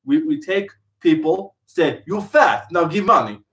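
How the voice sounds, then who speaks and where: A man voicing a joking male fitness hustler with a mock Russian accent and broken grammar, pitching deadpan. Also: a little slow.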